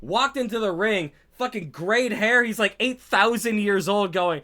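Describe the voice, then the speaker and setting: A man's voice: high-pitched, unhurried, sharp tone. A man giving casual, profane and sarcastic commentary on a wrestling show, sounding exasperated.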